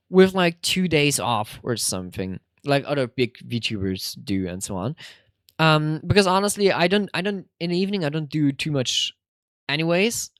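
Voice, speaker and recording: Rambling young male streamer with lively pitch. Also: no room sound, studio quality. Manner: rambling, self-correcting, leans on "honestly" and "like", often laughs. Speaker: VTuber streamer. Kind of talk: casual live-stream chat.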